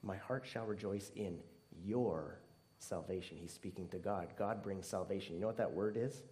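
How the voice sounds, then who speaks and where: A man preaching a sermon earnestly, swinging between emphatic stress and hushed, tearful softness. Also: low-pitched, moderate pace. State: near tears at times.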